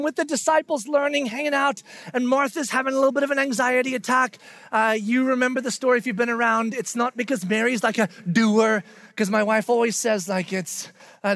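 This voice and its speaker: A pastor giving a conversational, animated sermon, acting out what people say. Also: male voice, extremely high pitch, fairly quick, no room sound. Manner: conversational, animated, acts out quotes in voices.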